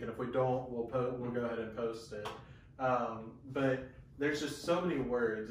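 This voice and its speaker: A man co-hosting a casual church talk, relaxed and chatty with restarts, recorded on a camera mic from far off. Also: mid-range voice. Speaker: co-host of a Bible teaching talk. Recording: echoey room from far off with faint hiss.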